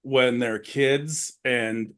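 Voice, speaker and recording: A man's voice: mid-range voice, fairly even intonation, very slow, fairly bright tone. A man co-hosting a podcast, retelling film scenes in a rambling, casual way full of fillers. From rural area. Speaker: podcast co-host.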